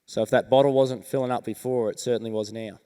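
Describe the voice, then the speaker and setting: An Australian man giving a keynote talk on stage, his voice smooth and resonant as he tells his story slowly and earnestly, with deliberate pauses. The sound rings out with a long reverb from a large event hall. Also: medium pitch, fairly even intonation, warm tone. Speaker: motivational speaker. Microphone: stage microphone.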